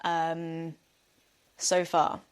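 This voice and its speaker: A woman's voice: sits low, monotone, drawn-out words, smooth. A young woman, hosting a podcast and telling a personal story in a chatty, self-deprecating way, laughing often. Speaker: podcast host. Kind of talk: candid storytelling monologue.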